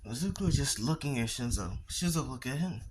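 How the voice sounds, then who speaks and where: A man narrates a fan story casually at an ordinary pitch. He rambles, restarts his sentences and swears freely. The recording is noisy and full of clicks. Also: lively intonation, a little fast.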